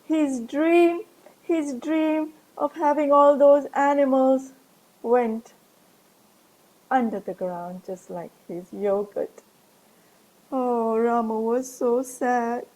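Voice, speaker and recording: Woman storyteller for kids, animated and interactive, high voice, slow delivery. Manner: animated, gasping, asks listeners to join in. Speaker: children's storyteller. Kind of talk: online storytelling for children.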